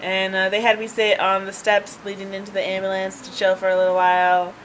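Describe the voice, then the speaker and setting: A woman vlogger talks fairly quickly in a mid-range voice with a completely flat delivery, chatting and rambling about a personal story while laughing often and filling gaps with ums and restarts. Recorded on a handheld device camera, the audio is rough with slight background noise.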